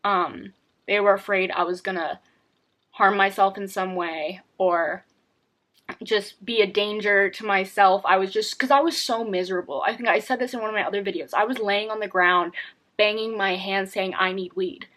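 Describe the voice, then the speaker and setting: A woman's voice: medium pitch, fairly even intonation, moderate pace, fairly bright tone. Candid young woman vlogging her story. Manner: candid, rambling, many fillers and restarts. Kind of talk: personal storytelling to camera.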